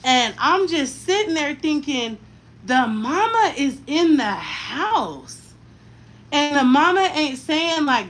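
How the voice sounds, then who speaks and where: A woman's voice: high-pitched, slow pace, rough recording. Frank, chatty woman in her thirties. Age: 30s. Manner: frank, talkative and slangy, with lively tangents. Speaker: mother doing her daughter's hair on camera. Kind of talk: casual chat while styling hair.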